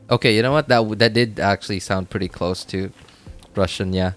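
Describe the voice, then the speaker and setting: A man's voice: on the low side, fairly quick, faint music behind. A man streaming a video game, chatting casually and rambling, with frequent self-corrections and laughs. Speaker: gaming streamer. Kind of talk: casual gameplay commentary.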